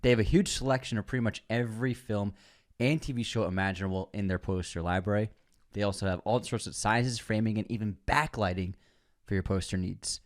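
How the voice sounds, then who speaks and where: A man co-hosting a podcast, reading a sponsor spot with emphatic, upbeat delivery. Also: lowish voice. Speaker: podcast co-host. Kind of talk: casual chat and sponsor read.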